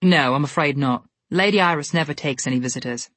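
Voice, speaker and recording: A woman's voice: low-pitched, fairly quick, a bit bright, dry recording. A woman narrator voicing rude, dismissive male gate guards.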